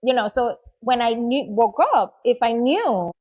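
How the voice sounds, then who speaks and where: Animated woman telling her story. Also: fairly high pitch, measured pace, lo-fi sound. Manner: animated, acts out quoted voices, many "you know"s. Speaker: guest. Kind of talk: casual storytelling interview.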